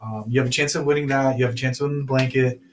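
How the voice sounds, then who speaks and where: A man's voice: medium pitch, steady tone, rapid-fire. A young man hosting a casual talk show, loose and rambling, laughing often. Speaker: podcast host. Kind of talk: casual chat.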